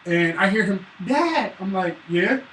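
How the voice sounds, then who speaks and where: High-voiced dude ranting about his kid, cussing a lot, echoey room far from the mic. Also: brisk. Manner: animated, profane, acts out his son's voice. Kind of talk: casual chat, storytelling. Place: room at a live stream. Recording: roomy, distant mic, faint hiss.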